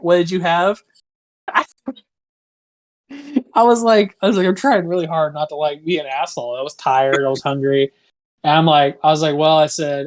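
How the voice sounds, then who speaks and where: A young man co-hosting a podcast, telling a long story in casual, rambling fashion, packed with "like" and swearing. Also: a little high. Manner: rambling, full of "like", swears freely. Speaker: podcast co-host.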